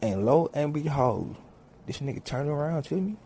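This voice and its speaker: A man with a voice on the high side, heard over a little hiss or hum, tells a swear-heavy comic story at normal speed. He's animated and acts out every character.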